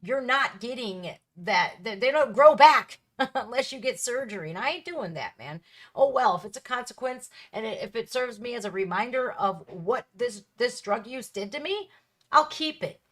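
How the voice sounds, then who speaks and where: A woman's voice: fairly high pitch, lively intonation, normal speed, fairly bright tone. A woman in her thirties hosting a reaction video, talking candidly and bluntly in a casual, emphatic way.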